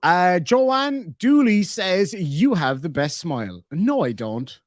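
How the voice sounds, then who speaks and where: A man's voice: high voice, sing-song, slow pace, no echo, clean studio sound. An Irish man in his thirties hosting a live stream, joking and reading out viewer comments in casual chat. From Ireland. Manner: jokey, reads viewer comments aloud.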